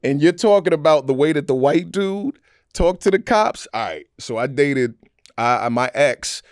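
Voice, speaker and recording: A male comedian guest in a casual interview, telling energetic stories and often adding "you know what I'm saying.". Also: fairly high pitch, normal speed, dry recording, studio quality.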